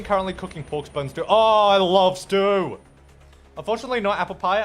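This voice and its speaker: Young male streamer, high and very animated voice, playful casual chat over faint game music. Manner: chatty and playful, reacts to chat. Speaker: streamer and host. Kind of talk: casual live-stream chat while gaming.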